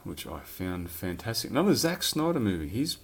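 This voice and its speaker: A very animated man with a low, creaky voice talks at a moderate pace about his films. He's a collector rambling casually and swearing now and then, over slight background noise.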